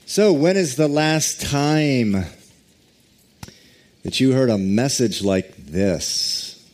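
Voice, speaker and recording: A man preaching a sermon, reading scripture and praying with deliberate, drawn-out emphasis. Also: mid-range voice, lively intonation, a little mellow. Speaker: pastor.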